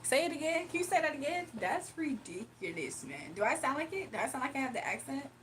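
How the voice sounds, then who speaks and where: A woman's voice: sits high, animated, racing, fairly bright tone, slight background noise. A woman hosting a casual livestream, reading chat comments aloud and laughing often. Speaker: livestream host.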